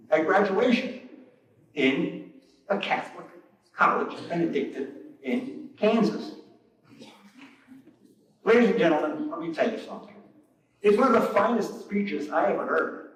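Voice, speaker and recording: Jokey storytelling preacher in an echoey room. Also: male voice, high voice. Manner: jokey anecdotal storyteller, laughs at his own jokes, mock outrage. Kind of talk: storytelling sermon. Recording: echoey, from far off the mic.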